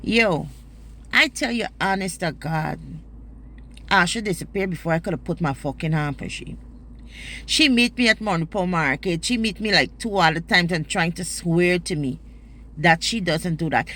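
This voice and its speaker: A woman's voice: lowish voice, moderate pace, fairly bright tone. A woman with a Guyanese accent telling a personal story in a vlog. She speaks emphatically, swears freely and uses Creole turns of phrase.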